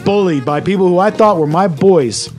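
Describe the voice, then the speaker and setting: A Canadian man co-hosting a podcast in casual banter, ranting loudly and swearing a lot. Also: high voice, normal speed, soft background music. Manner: loud, ranting, heavy swearing. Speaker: podcast co-host.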